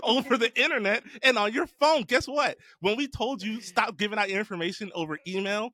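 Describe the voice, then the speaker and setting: A man co-hosting a podcast, ranting and joking loudly with lots of swearing. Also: high voice, fairly quick. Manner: loud, profane, joking rants. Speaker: podcast co-host. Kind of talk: casual podcast chat.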